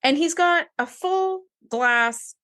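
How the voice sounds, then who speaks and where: A woman's voice: sits high, lively intonation, takes it slowly, a bit bright. A woman co-hosting a podcast, chatting casually about a TV episode with wry asides and jokes. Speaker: podcast co-host. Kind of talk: casual chat recapping an episode.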